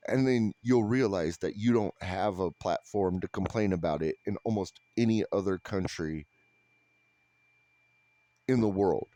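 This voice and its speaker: A man delivering a blunt, sarcastic, profane rant to camera in a flat, unhappy-sounding voice. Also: low voice, a little slow, dry recording. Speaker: vlogger. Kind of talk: ranting monologue to camera.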